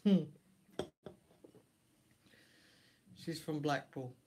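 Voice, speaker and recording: A man's voice: a little high, extremely slow, dark tone, slight background noise. A man chatting casually on a live stream, teasing and bantering with his kid. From Essex, England.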